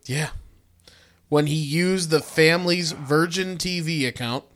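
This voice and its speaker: A man's voice: fairly high pitch, unhurried, a bit bright. A young man co-hosting a crude comedy podcast, reading out a news story and laughing mid-sentence. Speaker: podcast co-host.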